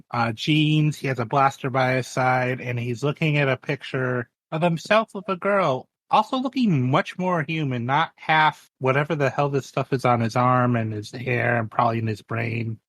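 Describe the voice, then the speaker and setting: A man playing a tabletop game, describing his character in a rambling, halting, cinematic way. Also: mid-range voice, no echo. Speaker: player. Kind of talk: casual tabletop game chat.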